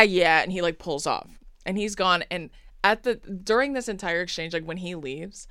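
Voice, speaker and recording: A young woman in casual chat, telling an animated story full of acted-out quotes and lots of "like". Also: lowish voice, moderate pace, clear, resonant tone, dry recording.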